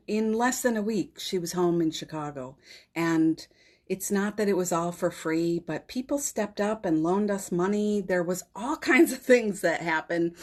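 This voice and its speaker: A middle-aged woman with a fairly low voice hosts a daily live spiritual session over a phone livestream. She tells heartfelt spiritual stories emotionally, often close to tears, laughing softly between phrases.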